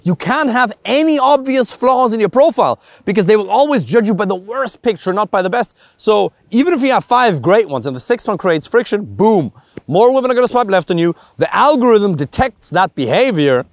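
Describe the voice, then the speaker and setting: Man with a German accent, dating coach, high lively voice, blunt, dry close sound. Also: a little fast, dry recording. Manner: blunt, emphatic, swears casually, rhetorical questions. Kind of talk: direct-to-camera coaching monologue.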